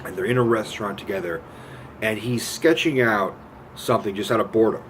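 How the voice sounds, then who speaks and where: Profane, animated man ranting about films. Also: on the low side, a little fast, a little hiss or hum. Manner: profane, animated, retells scenes with quoted voices. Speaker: movie reviewer. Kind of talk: casual film rant.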